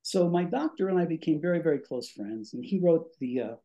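The recording is muffled. An older man with a slightly high voice talks a little fast, telling stories as a guest on a podcast; the former radio DJ acts out voices animatedly and is somewhat short of breath.

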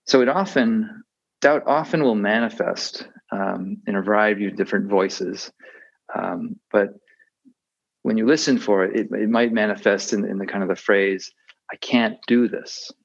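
A man's voice: lowish voice, fairly even intonation, normal speed, gravelly, breathy edge. A man giving a reflective dharma talk as a meditation teacher. He often hesitates with fillers and restarts his sentences. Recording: dull muffled audio.

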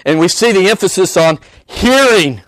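A man's voice: sits high, animated, normal speed, fairly bright tone, no echo, poor audio. A man preaching a sermon, emphatic and repeating key phrases for weight.

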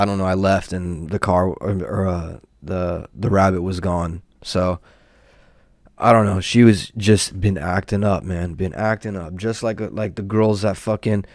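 A man's voice: lowish voice, a little mellow, dry recording, clean studio sound. A young man hosting a podcast, telling a rambling, profane story about his neighbor in a casual, exasperated rant. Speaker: podcast host.

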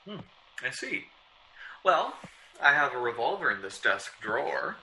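A man's voice: mid-range voice, very animated, unhurried, sharp tone, slight background noise, full character voice, low-quality recording. An actor playing a male mystery writer who gets rattled and stammers, in 1940s radio acting. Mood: flustered. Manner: flustered, stammering under threat.

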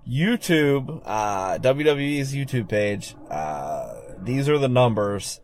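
A man's voice: mid-range voice, lively intonation, slow pace, a little hiss or hum. A man co-hosting a casual wrestling podcast, laid-back, often chuckling, running through numbers. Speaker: podcast co-host.

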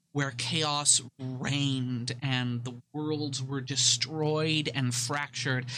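A man voicing an ancient woman who tells a legend of a lost empire in a slow, solemn way. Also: mid-range voice, sharp tone, slight background noise, poor audio. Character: ancient woman telling her people's legend.

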